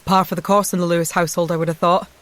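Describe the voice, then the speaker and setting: A woman doing a booming jovial Scottish man. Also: level tone, rapid-fire, lightly acted. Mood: joking. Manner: booming, joking, soft lilt.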